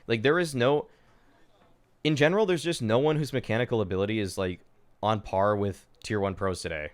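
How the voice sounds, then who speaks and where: A young man streaming, reacting to an old esports match in casual, excitable commentary, often exasperated and swearing. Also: on the low side, fairly quick. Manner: excitable, exasperated, swears, many fillers like "dude".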